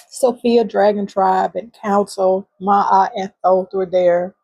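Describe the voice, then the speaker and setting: A woman hosting a spiritual channel, telling a heartfelt story from her bedroom in a halting way with fillers and soft whispered moments. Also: mid-range voice, fairly even intonation, vocal fry, slightly rough. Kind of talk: emotional spiritual testimony vlog.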